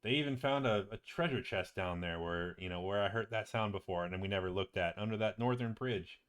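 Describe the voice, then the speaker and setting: A chatty male wizard in a tabletop game who rambles eagerly and lifts his pitch as he gets excited, with a man voicing him. He tumbles from one thought into the next. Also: a little fast, smooth, close to an everyday voice. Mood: casual.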